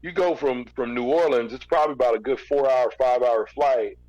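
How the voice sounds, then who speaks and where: A man's voice: medium pitch, fairly quick, darkish tone, dull audio. A man, a former record label executive, telling a long story in a casual interview, with fillers and restarts.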